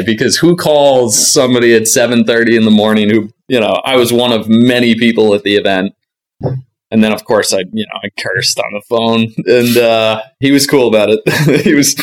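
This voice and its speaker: Guy hosting a podcast, lowish voice, tells stories lively with lots of laughs. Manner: animated anecdotes with laughs and acted quotes. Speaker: podcast host. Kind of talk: casual storytelling.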